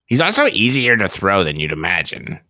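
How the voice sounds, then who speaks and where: A man's voice: low-pitched, huge pitch swings, brisk, bright, forceful tone, no room sound. A man playing a tabletop game, rambling and joking. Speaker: player. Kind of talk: tabletop role-play.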